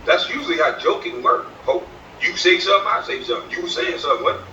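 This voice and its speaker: A man's voice: a little high, lively intonation, fast, bright, forceful tone, a little hiss or hum. A man vlogging from inside his truck in a casual rant, profane and taunting, laughing between jabs. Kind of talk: casual ranting commentary. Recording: distant, echoey, dull sound.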